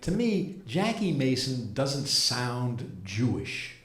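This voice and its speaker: A man in his seventies performing a stand-up comedy set as a rabbi comedian, with a dry, deadpan delivery and pauses before the punchlines. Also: mid-range voice. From United States. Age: 70s. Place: comedy club stage. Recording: roomy live club sound.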